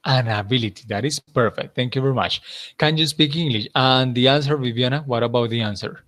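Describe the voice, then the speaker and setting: A man's voice: medium pitch, brisk, a bit bright. A man teaching an English class, patiently repeating answers and praising his students.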